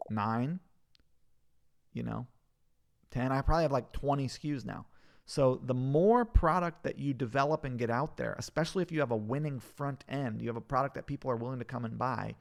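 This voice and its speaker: Gravelly man giving loose live feedback. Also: medium pitch. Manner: loose, profane, jokey; reads questions aloud and reviews pages on screen. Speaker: host answering viewer questions. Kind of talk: casual live Q&A commentary.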